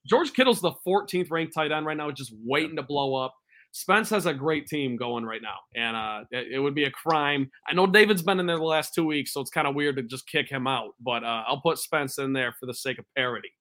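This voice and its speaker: A young man co-hosting a casual fantasy football podcast, emphatic and quick to joke and trash-talk. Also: on the high side, fairly bright tone. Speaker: podcast co-host.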